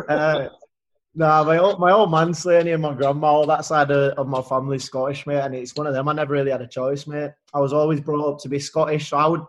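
A man's voice: a little high, level tone, fast. A man with a broad Yorkshire accent in a casual podcast chat, easygoing and matey, calling everyone "mate". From England (Leeds). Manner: laughing, matey, peppers talk with "mate". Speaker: footballer guest on a podcast.

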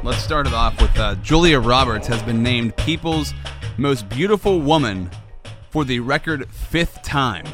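A man hosting a show, telling a long comic story in a rambling, animated way. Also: mid-range voice. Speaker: host, father of a toddler. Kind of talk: comedic monologue.

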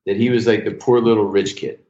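An older man, a comedy writer as a podcast guest, telling show-business stories in a lively, profane, casual way. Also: on the low side, brisk. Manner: animated anecdotal storyteller, swears freely. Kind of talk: casual storytelling interview. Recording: roomy, dull lo-fi sound.

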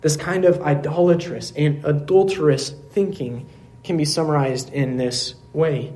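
Pastor guy preaching in church, earnest, kinda higher voice, lots of questions then goes quiet for emphasis. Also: a little slow. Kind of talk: sermon. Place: church service.

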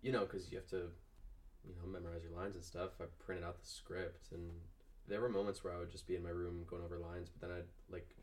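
A young man from Georgia, an actor guest, telling an animated story with many likes and asides. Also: deep voice, a little fast, far from the mic. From Georgia, USA. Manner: animated, chatty, lots of "like". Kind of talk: casual storytelling.

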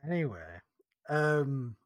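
A man's voice: mid-range voice, sing-song, takes it slowly, dry recording. A man with a Northern English accent, chatting casually about a trip, rambling and laughing easily. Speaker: podcast guest. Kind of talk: casual chat.

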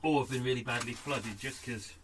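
Brief: male podcast host, loose rambling chat, faint hiss behind, lively. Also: medium pitch, fairly quick. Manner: rambling, chatty, yawning, talking while doing chores. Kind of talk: casual unscripted chat. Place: narrowboat cabin.

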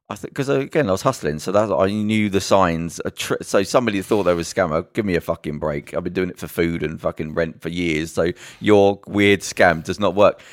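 A man's voice: low-pitched, no room sound, clean studio sound. A man chatting casually on a podcast, telling a story with lots of swearing. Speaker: podcast guest. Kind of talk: casual chat.

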